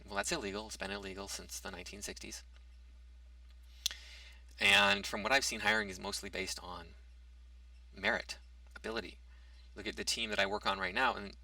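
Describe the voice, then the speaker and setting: Gravelly, argumentative man talking. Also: deep voice, sharp tone, no echo, far from the mic. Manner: argumentative, reads out a topic then rebuts it; hesitant restarts and fillers. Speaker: commentary vlogger. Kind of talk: casual opinion monologue.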